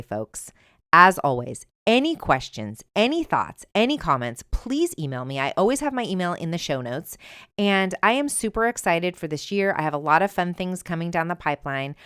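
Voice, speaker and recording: A middle-aged woman talks straight into her mic as host of her own advice podcast, firm and emphatic. Her voice sits a little low and sounds smooth and clear. The sound is dry and close, with no room around it. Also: dry recording. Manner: emphatic, conversational, animated when retelling. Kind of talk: solo podcast advice talk. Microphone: earbuds with mic.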